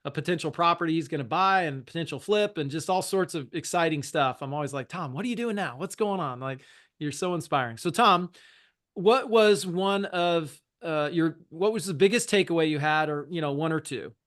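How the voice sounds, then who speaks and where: Upbeat high-voiced male host. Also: moderate pace, fairly bright tone. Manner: enthusiastic and praising. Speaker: meeting host. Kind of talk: casual group call hosting.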